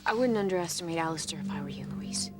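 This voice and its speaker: An actress playing an anxious young woman pleading in a hushed, urgent voice. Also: low-pitched, expressive, fast, over loud music. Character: anxious young woman warning her partner.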